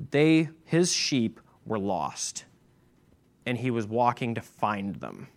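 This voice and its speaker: A man preaching a sermon as pastor, emphatic and repeating his key points. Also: mid-range voice.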